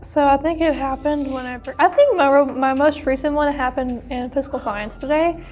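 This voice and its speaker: Giggly high-voiced young woman. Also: fairly quick, darkish tone, lo-fi sound. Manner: chatty, giggly, trailing restarts. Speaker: podcast co-host. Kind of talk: casual chat.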